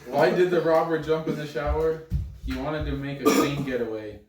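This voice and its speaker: A man's voice: fairly high pitch, fairly even intonation, moderate pace, over loud music. A young man co-hosting a podcast, telling short jokes in a laid-back way. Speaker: podcast co-host. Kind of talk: casual podcast chat. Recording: echoey room, mic far off, background noise.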